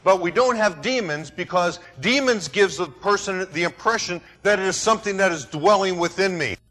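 A pastor preaching a sermon, dramatic and rhetorical, who acts out other people's words. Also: male voice, sits high, moderate pace, pushed and bright, faint music behind. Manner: dramatic, rhetorical, mimics voices.

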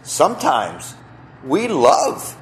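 A man's voice: on the high side, huge pitch swings, extremely slow, slight background noise. A man preaching a sermon as pastor, telling a story and asking the congregation rhetorical questions.

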